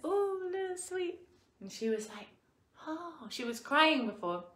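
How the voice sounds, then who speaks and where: High bright-voiced woman chatting. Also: big pitch swings, measured pace, roomy sound. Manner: chatty and warm, slips into soft singing and quiet murmurs. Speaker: host of a home cooking show. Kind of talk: casual chat while cooking.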